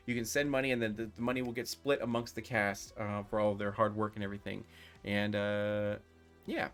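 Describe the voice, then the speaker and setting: A man acts as game master for a streamed tabletop role-playing session, easygoing and full of little fillers as he sets the scene. Soft music plays faintly behind him. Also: mid-range voice. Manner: relaxed, filler-heavy talk.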